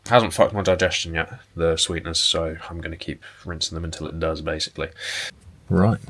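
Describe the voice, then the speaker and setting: Young guy vlogging, low voice, pretty monotone, loose and rambly. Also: a little fast. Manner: relaxed, rambling, with frequent fillers and mild swearing. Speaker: bodybuilding vlogger and personal trainer. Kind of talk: casual vlog chat to camera. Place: indoors at home and in a parked car.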